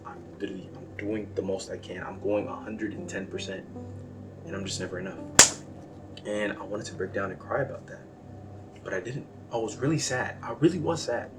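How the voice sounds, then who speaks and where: A young man talking in a casual, rambling monologue that is self-deprecating and jumps from quiet musing to loud outbursts. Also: low voice, recorded from a distance, background noise. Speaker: vlogger. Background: background music.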